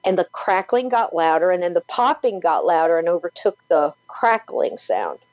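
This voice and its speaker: A woman's voice: on the low side, big pitch swings, moderate pace, darkish tone, no room sound. A woman guest on an interview show, retelling a personal story vividly, full of "like" and "you know". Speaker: paranormal podcaster and author, guest. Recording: dull lo-fi, dry sound.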